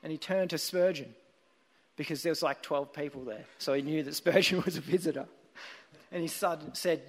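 A man's voice: on the high side, moderate pace, long reverb tail. A man preaching a sermon, telling a story earnestly and with emphasis.

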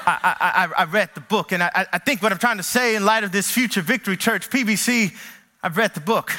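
A man with a high, bright voice preaches a sermon as pastor. He speaks earnestly and tells stories with lively energy. On his key phrases he sinks low and slows down. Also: soft background music. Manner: animated storytelling with acted quotes.

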